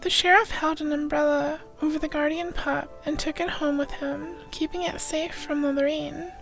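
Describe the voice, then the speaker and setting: Woman game streamer, high playful voice, reads the dialogue aloud. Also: steady tone, normal speed, gravelly, fairly bright tone, faint music behind, rough recording. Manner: playful, voices the characters' lines.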